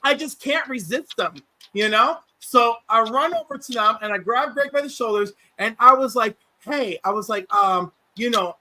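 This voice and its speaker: A man hosting a livestream, telling stories in a casual, animated way and acting out quotes. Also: extremely high pitch, moderate pace, slight background noise, low-quality recording. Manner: animated, acts out quotes, many restarts. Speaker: livestream host. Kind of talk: casual storytelling chat.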